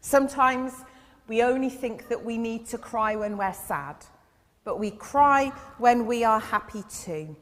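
Slow, gentle woman preaching in a hall. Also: a little high. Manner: gentle, asks the audience questions. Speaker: church speaker giving an all-age talk. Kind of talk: children's sermon. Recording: long reverb in a big hall.

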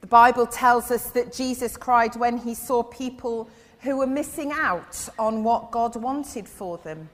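A woman giving a gentle children's sermon in church, asking her listeners questions as she goes. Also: fairly high pitch, a little slow. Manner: gentle, asks the audience questions. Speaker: church speaker giving an all-age talk. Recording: long reverb in a big hall.

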